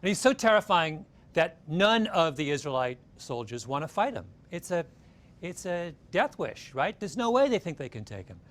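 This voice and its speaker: A man with a slightly high voice, speaking at normal speed, retells a story in an animated storytelling talk, constantly checking in with his listeners by asking "right?".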